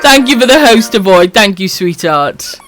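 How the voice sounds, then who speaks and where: Welsh woman streamer, animated pitch, affectionate, foul-mouthed, laughs a lot. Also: moderate pace, faint music behind. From Wales. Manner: affectionate, swears freely, laughs often. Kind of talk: casual live-stream chat reading comments.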